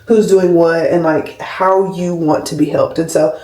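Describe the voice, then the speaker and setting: A woman's voice: fairly low pitch, fairly even intonation, unhurried, darkish tone. A woman in her twenties, a nurse, chatting casually to a camera about her week, rambling and heartfelt, with lots of "like". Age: 20s. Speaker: labor and delivery nurse, vlogger. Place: home room, camera on a skincare shelf. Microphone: camera mic at a distance. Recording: roomy, slightly distant camera audio.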